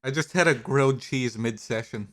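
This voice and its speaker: A man's voice: mid-range voice, normal speed, a little hiss or hum. A man co-hosting a casual podcast chat, laid-back and teasing.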